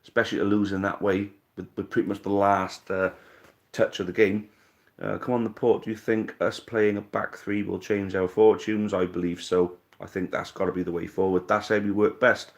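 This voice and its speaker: A man's voice: sits low, level tone, normal speed. A man from Wales hosting a casual live fan stream, reading out viewer comments and answering them bluntly, with casual swearing.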